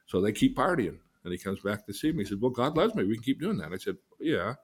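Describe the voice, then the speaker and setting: Older male counselor, low-voiced, folksy and animated storyteller. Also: fast talker, slightly rough. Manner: folksy, animated storyteller who acts out quotes. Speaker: counselor and teacher. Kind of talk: casual teaching talk.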